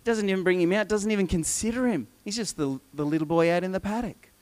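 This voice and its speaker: Animated man preaching a sermon. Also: high voice, quick pace. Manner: animated storyteller acting out voices.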